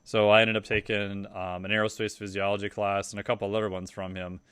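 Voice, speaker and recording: A man's voice: on the low side, little pitch movement, a little fast, a bit bright, smooth, no room sound. A man, a podcast guest, telling loose, profane stories in a casual interview.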